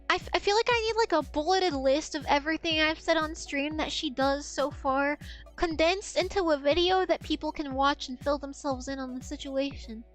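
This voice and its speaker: A young woman streamer telling an animated, profane story in casual chat. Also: very high voice.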